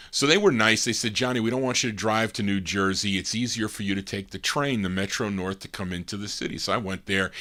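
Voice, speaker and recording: Brief: male record-show host, low-pitched but bright voice, chatty storyteller who animates quoted dialogue. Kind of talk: casual storytelling between records.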